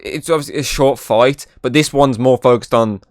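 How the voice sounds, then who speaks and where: A man's voice: mid-range voice, moderate pace, no echo, clean studio sound. A man hosting a casual film review podcast, rambling and leaning on filler words and restarts. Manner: rambling, leans on "obviously" and restarts.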